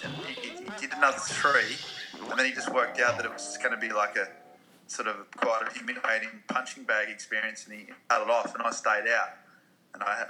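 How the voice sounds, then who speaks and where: Laid-back man with a bright voice. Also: medium pitch, slight background noise. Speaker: podcast co-host. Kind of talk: casual podcast chat.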